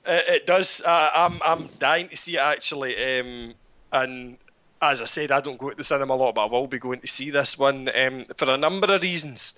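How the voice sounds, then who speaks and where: A man's voice: mid-range voice, brisk, bright, forceful tone. A man guesting on a podcast, talking bluntly with lots of swearing. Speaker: guest reviewer. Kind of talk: casual podcast chat.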